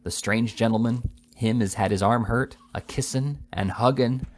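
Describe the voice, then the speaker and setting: A man's voice: medium pitch, moderate pace, lightly acted. A man doing a blunt, roaring fat servant boy. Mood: solemn. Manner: roaring, emphatic, rustic grammar.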